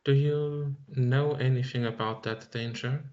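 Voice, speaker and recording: A man playing in a tabletop game, relaxed and describing his character's actions. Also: medium pitch, a little slow, muffled recording. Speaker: player. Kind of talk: casual tabletop game talk.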